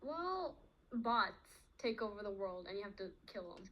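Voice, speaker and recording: A woman making dry, wry asides during a relaxed team Q&A. Her voice is bright and forward, and she answers in short, offhand bursts. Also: medium pitch, moderate pace, rough recording. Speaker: team member. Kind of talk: casual banter.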